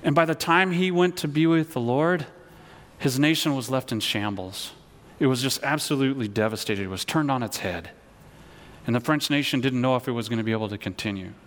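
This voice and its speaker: A man's voice: medium pitch, fairly quick, a bit bright. A man preaching a sermon as pastor, earnest, often repeating words and leading his listeners in call-and-response. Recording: long hall reverb.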